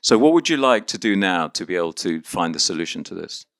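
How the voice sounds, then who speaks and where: Upbeat workshop presenter, a man from Argentina; smooth, crisp voice, dry close sound. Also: low-pitched, big pitch swings, fairly quick, a bit bright, no room sound. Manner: upbeat and encouraging, coaxing volunteers. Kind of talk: interactive live workshop.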